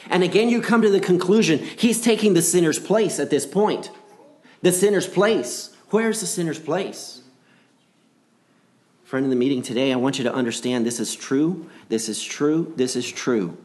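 A man's voice: medium pitch, darkish tone. A man preaching a gospel sermon in an earnest voice, repeating key phrases and swinging between rising and dropping delivery.

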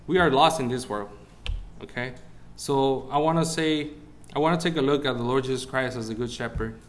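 A man's voice: medium pitch, a bit bright. Man preaching a sermon. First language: Spanish. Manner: searches for English words, rises when preaching.

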